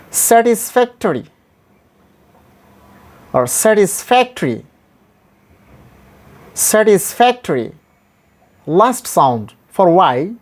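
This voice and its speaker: A man gives a pronunciation lesson at an unhurried pace, drilling each example word again and again. His pitch rises and falls a lot, and his voice lifts sharply on every stressed drill word. The delivery is deliberate and patient. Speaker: English pronunciation teacher.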